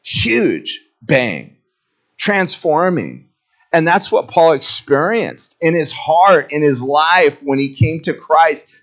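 A middle-aged pastor delivers a sermon in an easygoing, conversational way. He tells personal stories, and his pitch swings up and down as he talks. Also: fairly bright tone.

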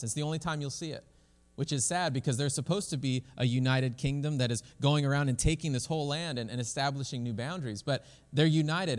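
A male pastor preaching a sermon in a church in a casual, conversational way, often restarting his phrases. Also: mid-range voice. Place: church sanctuary. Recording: long hall reverb.

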